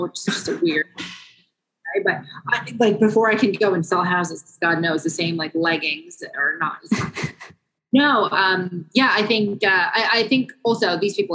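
A young woman talking casually as a podcast co-host. Her voice sits a little low, and she swears easily, drifting into animated, laughing storytelling. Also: vocal fry, low-quality recording. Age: young adult. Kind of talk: casual chat.

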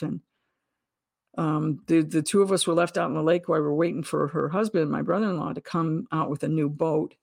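A woman's voice: sits low, fairly even intonation, fairly quick, creaky, darkish tone, no echo, clean studio sound. A middle-aged woman telling her own story as a podcast guest, earnest and vivid, acting out what people said. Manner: earnest, vivid retelling with acted-out quotes. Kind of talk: personal storytelling.

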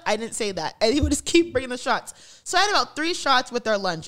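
Young woman, slightly high voice, animated storyteller, laughs often, mimics other people's voices. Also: fairly quick. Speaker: podcast co-host. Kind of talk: casual storytelling chat.

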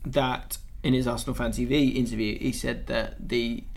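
A man hosting a casual football podcast, telling stories and acting out quotes with lively energy. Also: mid-range voice, moderate pace, creaky. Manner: animated storyteller, acts out quotes. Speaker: podcast host.

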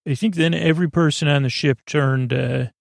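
A man hosting a sleep podcast, loosely retelling a TV episode in a halting, offhand way full of filler words. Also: fairly high pitch, steady tone, vocal fry, dry recording, studio quality. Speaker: podcast host. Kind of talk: rambling episode recap for sleep.

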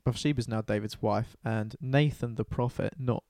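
A man's voice: medium pitch, normal speed, darkish tone, no room sound, clean studio sound. A man casually retelling a Bible story in an irreverent, sweary way, acting out the characters' lines.

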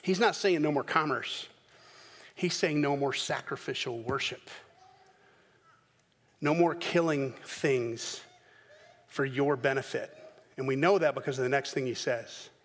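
A man preaching a sermon as pastor in a church sanctuary, animated, with dramatic bursts when he acts out scenes. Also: medium pitch, unhurried, long pauses, big-room sound. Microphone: microphone.

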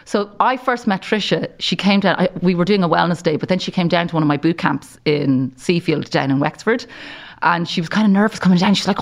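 Animated Irish woman telling stories. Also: on the low side, a little fast, vocal fry. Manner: animated storyteller, laughs often. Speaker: guest, broadcaster. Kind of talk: casual interview chat.

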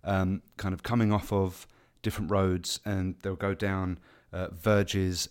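A man with a deep, low voice co-hosts a casual film podcast. He talks with eager enthusiasm, spinning stories as he goes. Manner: enthusiastic, storytelling. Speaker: podcast co-host. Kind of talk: casual chat.

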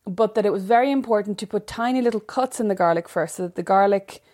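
A woman's voice: medium pitch, fast talker, a little mellow. A woman from Ireland co-hosting a podcast, talking casually with wry, teasing asides. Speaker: podcast co-host. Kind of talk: casual chat.

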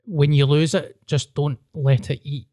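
A man's voice: fairly high pitch, level tone, measured pace, dark tone. A Glaswegian man, a stand-up comedian hosting a podcast, chatting casually, bluntly and with self-mocking swearing. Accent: Glaswegian Scottish.

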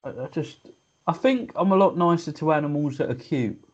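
A man's voice: a little high, normal speed, a little mellow, husky. Joking co-host man, muffled. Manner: joking, riffing on ideas. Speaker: radio co-host. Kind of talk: radio chat.

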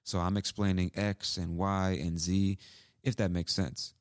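A man's voice: low-pitched, little pitch movement, a little slow, no echo, studio quality. A man who hosts an English-learning podcast, explaining phrases casually and repeating examples. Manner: casual, repeats examples, acts out sample lines. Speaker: English teacher, podcast host.

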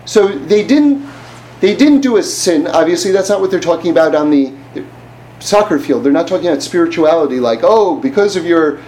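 A man's voice: on the high side, lively intonation, fairly quick, darkish tone, a little hiss or hum, rough recording. A man giving an informal religious class in a conversational way, often asking the listener rhetorical questions. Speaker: Torah teacher.

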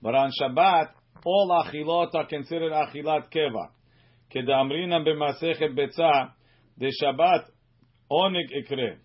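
A man teaching a Talmud class as a rabbi, reading Aramaic phrases slowly and then explaining them in quick English. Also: fairly high pitch. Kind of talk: Talmud study lesson reading and translating. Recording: muffled lo-fi recording.

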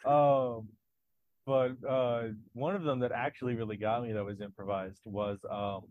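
A man's voice: medium pitch, steady tone, measured pace, no room sound, narrow, tinny audio. A young man co-hosting a podcast in casual chat, with dry, blunt, critical asides. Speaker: podcast co-host.

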